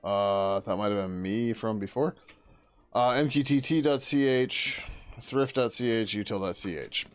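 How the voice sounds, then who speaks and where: A man speaks a little slowly in a lowish, smooth voice while faint music plays behind him. Streaming his software work live, he thinks aloud over the code, muttering, drifting off mid-thought, and cursing casually.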